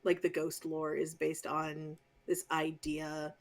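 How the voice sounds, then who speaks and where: A woman's voice: deep voice, completely flat delivery, slow. A woman co-hosting a podcast who talks passionately and casually as a fan, with lots of fillers and the odd swear word. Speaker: podcast co-host. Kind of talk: casual chat.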